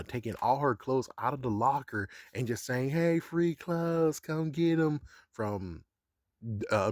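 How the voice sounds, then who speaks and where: A man's voice: mid-range voice, a little mellow, no room sound, studio quality. A man giving a casual episode recap, chuckling often and swearing in a sarcastic, offhand way. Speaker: show recap vlogger.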